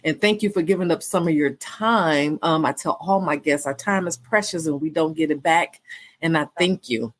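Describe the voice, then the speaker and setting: A woman podcast host, signing off with warm, repetitive encouragement and many fillers. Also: low voice, moderate pace. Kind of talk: casual podcast sign-off.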